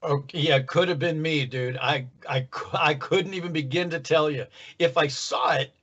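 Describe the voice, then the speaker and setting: A man being interviewed about his voice work, telling stories in a relaxed, self-deprecating way. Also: fairly high pitch, moderate pace, muffled recording. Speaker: voice actor guest. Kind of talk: casual interview.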